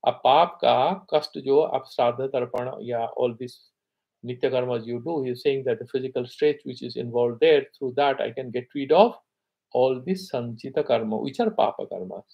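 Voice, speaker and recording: A man teaching scripture, reciting Sanskrit verses slowly and then explaining them conversationally. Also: mid-range voice, vocal fry, breathy edge, lo-fi sound. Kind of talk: explaining Sanskrit texts in a class.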